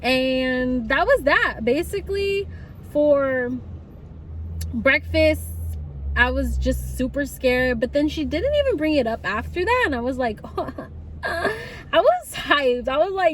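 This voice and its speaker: Young woman, high bright voice, chatty storytime delivery, faint road noise behind. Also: unhurried. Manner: chatty, animated, laughs often. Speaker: vlogger. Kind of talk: casual storytime.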